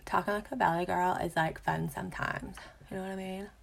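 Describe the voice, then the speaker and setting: A young adult woman hosting a casual makeup tutorial, bubbly and chatty, sometimes dropping into a soft whisper. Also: fairly low pitch, fairly even intonation, a little fast, vocal fry.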